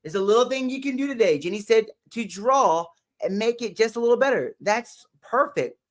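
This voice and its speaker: A man's voice: very high voice, lively intonation, moderate pace. A man hosting a live motivational stream, greeting viewers by name in an upbeat, chatty way and laughing often. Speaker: livestream motivational host. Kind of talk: live stream chat reading. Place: home livestream setup.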